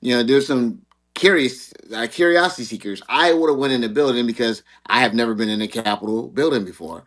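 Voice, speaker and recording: A man's voice: mid-range voice, fairly quick, fairly bright tone. Rambling man hosting a panel. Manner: rambling, repeats words, laughs at himself. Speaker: show host. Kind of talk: casual panel discussion.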